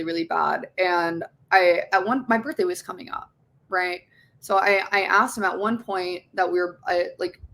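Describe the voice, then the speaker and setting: Young woman guest on an interview, raspy fry in her voice, swears a lot, blunt storytelling. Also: mid-range voice, a bit bright. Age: young adult. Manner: candid, swears often, acts out quoted voices. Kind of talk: emotional personal storytelling.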